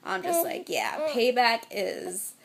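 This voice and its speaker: Young mother, casual vlog chat, exasperated storytelling, slightly high-pitched. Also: big pitch swings, slow, gravelly, a little hiss or hum. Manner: chatty, exasperated storytelling with mock-quoted voices. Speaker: mother vlogging.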